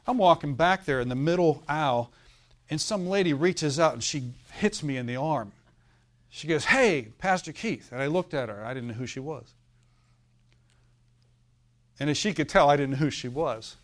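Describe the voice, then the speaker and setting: Speaking at a normal speed with frequent pauses, a man with a fairly high voice delivers a sermon as pastor. He works through a story, often asks the congregation to say amen, and occasionally laughs.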